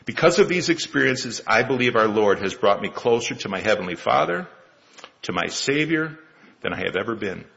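Gravelly-voiced man in his sixties preaching. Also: mid-range voice, animated, fairly bright tone, lo-fi sound. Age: 60s. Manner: measured, with rhetorical questions. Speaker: lay preacher. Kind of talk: sermon.

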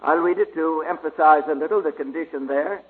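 A man giving a slow, halting Bible study sermon with many pauses and fillers. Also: a little high. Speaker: preacher. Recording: tinny phone-like old recording.

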